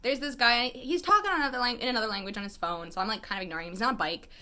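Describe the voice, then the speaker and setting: A woman photographer telling stories in a casual vlog, animated and wry, with lots of "like" fillers. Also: on the high side, racing. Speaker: photographer and vlogger.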